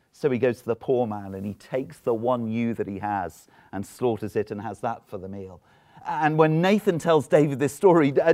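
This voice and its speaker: A man's voice: on the high side, a little mellow. A man preaching a sermon, retelling a Bible story with rhetorical questions and acted-out lines.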